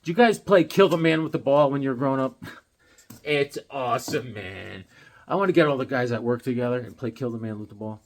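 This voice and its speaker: A man's voice: medium pitch, lively intonation, brisk. A man in his fifties chatting casually to camera about comics he collects and pictures he drew, rambling and joking as he goes. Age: 50s. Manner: rambling, jokey, drops into silly voices. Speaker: comic collector and hobby artist.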